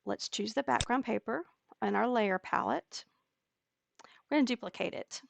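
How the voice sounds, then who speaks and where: A woman teaching a digital scrapbooking layout step by step, talking slowly and patiently with occasional fillers. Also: on the high side, vocal fry, a little hiss or hum. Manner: slow, step-by-step explaining with fillers. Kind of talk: screen-recorded software tutorial.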